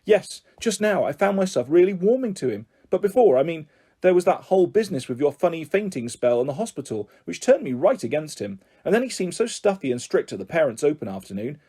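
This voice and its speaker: A man's voice: on the high side, big pitch swings, brisk, dark tone, breathy edge, exaggerated voice. A man voicing an exasperated, chatty mother in an audiobook. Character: exasperated mum, adult woman, chatty. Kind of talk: audiobook character voice.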